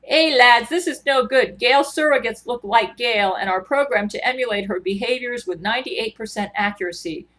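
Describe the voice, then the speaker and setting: A woman doing a brisk Scottish man. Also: on the high side, a bit bright, pitched above the performer's own voice, close to an everyday voice, rough recording. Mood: urgent. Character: calm, level-headed man.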